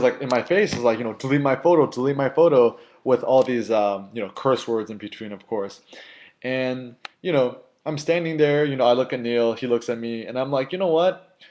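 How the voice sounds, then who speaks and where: A man's voice: mid-range voice, quick pace. Chatty young man telling a story. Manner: chatty, filler-heavy, animated when quoting others. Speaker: street photography blogger. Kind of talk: casual storytelling to camera.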